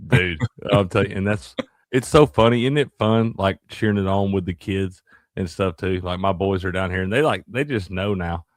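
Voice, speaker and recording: A man's voice: low voice, moderate pace, dry recording, clean studio sound. A man co-hosting a sports podcast, chatting in a laid-back, jokey way. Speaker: podcast co-host. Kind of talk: casual sports chat.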